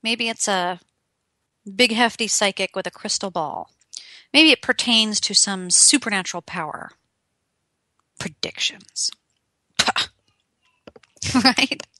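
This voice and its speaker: Woman, young adult, motivational talk, emphatic, direct address, bright voice, dry recording. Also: mid-range voice, normal speed, no echo. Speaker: motivational speaker.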